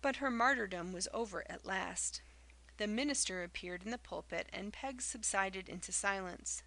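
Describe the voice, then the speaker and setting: A woman narrating an audiobook in a measured literary storytelling manner. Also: medium pitch, sharp tone, low-quality recording. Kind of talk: scripted narration.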